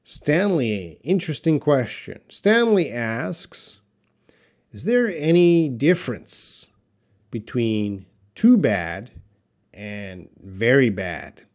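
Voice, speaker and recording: A man teaching English in a live-stream Q&A, slowly and patiently answering viewer questions with example sentences. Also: mid-range voice, very animated, darkish tone.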